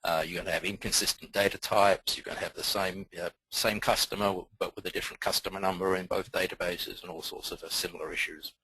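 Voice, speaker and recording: A man with a Southern Alabama accent presents the technical part of a webinar in a deep, slightly husky voice. He explains things methodically, point by point. The recording is dry and close. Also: level tone, quick pace, hardly any pauses, pushed and bright, no room sound, poor audio.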